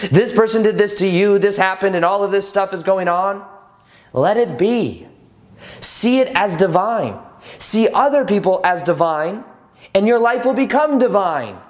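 A young adult man hosting a spiritual video, speaking earnestly to the viewer with repeated, emphatic phrases. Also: sits high. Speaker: spiritual YouTube host. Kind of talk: motivational spiritual talk to camera.

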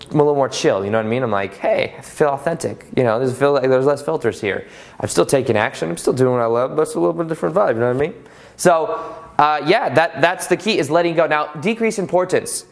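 Slightly high-voiced man, chatty storytelling. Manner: conversational, storytelling with rhetorical questions; relaxed, repeats himself and restarts often. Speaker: podcast host. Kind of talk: casual motivational talk.

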